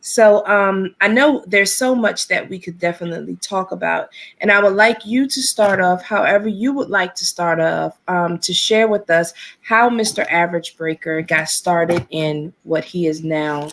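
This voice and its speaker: A woman co-hosts a talk show in a fairly low voice for a woman. She is gracious and encouraging as she welcomes and prompts her guest. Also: normal speed, gravelly, a bit bright.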